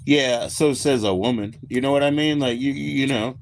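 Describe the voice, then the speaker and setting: With medium pitch and a moderate pace, this American livestream host chats casually with his viewers. He rambles, stays laid-back, and doesn't hold back on swearing, while slight background noise hangs in the recording.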